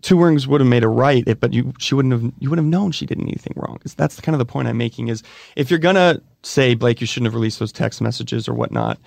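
A man in his thirties, a podcast guest talking candidly in a halting, emotional way, often restarting his sentences. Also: mid-range voice, vocal fry, darkish tone, no room sound. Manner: emotional, halting and repeating himself. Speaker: interview guest. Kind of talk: candid conversation.

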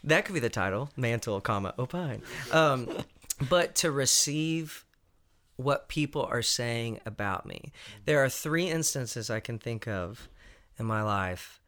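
A man's voice: medium pitch, lively intonation, a little slow, a bit bright. Reflective man with a Southern accent. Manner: reflective, laughs easily, searches for words. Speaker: panel guest. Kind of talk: casual panel discussion.

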